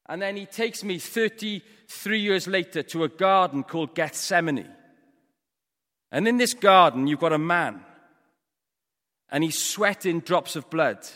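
A Welsh man giving a storytelling sermon, moving between hushed, quiet passages and loud, forceful ones. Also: high voice, big-room sound. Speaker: preacher. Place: church.

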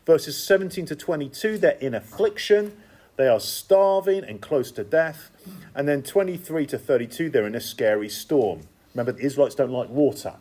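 A man delivers a sermon with an animated, swooping voice that sits a little high for a man. He drives his points home through repetition and chatty asides to the congregation. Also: normal speed, slightly rough. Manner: lively, emphatic, repetitive cadence with conversational asides. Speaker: preacher.

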